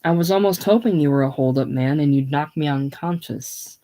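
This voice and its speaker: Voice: medium pitch, moderate pace, warm tone, close to an everyday voice. Reader doing young garage guy, early 20s, plain talking, friendly, bit tight. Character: young small-town garage man, about 21.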